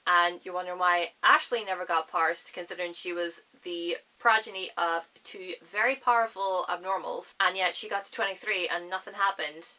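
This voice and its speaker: A woman with a Northern Irish accent talks casually to her camera, chatty and full of asides. Her voice is bright and lively, pitched in an ordinary middle range. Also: rough recording. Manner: chatty, enthusiastic, rambling with asides. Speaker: book vlogger.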